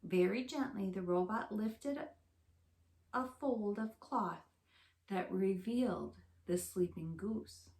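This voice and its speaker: A woman teacher reading a storybook aloud to young children in a slow, clear, expressive way. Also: medium pitch. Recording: roomy echo.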